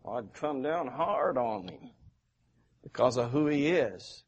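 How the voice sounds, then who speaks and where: A man's voice: mid-range voice, expressive, measured pace, husky, lo-fi sound. A male pastor preaching a sermon in a church, repeating key phrases for emphasis. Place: church sanctuary.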